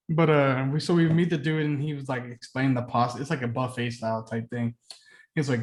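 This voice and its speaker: A young man co-hosting a podcast, telling stories in a profane, animated way during casual chat. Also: mid-range voice, quick pace. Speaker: podcast co-host.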